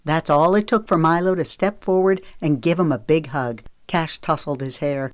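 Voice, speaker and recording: A woman reads a romance novel aloud with steady, measured storytelling. Her voice sits low, and the close studio mic gives it a dry, roomless sound. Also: no room sound. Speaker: audiobook narrator. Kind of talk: scripted narration.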